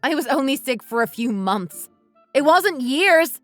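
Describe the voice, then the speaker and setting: A woman voicing a high, resentful wife. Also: lively intonation, measured pace, a bit bright, no echo, soft background music. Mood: bitter. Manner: bitter, accusing, blunt. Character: resentful wife fed up with her husband. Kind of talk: scripted dialogue drama.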